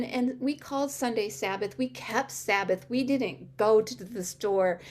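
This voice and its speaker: A middle-aged woman telling her personal testimony to a church audience, acting out quoted dialogue in an animated way with sudden high-pitched exclamations. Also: unhurried.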